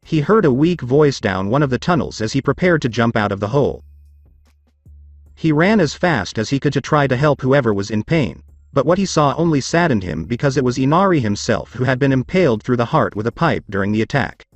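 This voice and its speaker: A man narrating a scripted story in a steady storytelling read. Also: mid-range voice, a little fast, no echo, soft background music.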